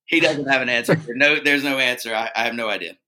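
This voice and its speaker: Bright-voiced man, easygoing podcast co-host. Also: mid-range voice, fast talker. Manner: easygoing, joking, rambling with fillers. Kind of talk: casual podcast chat.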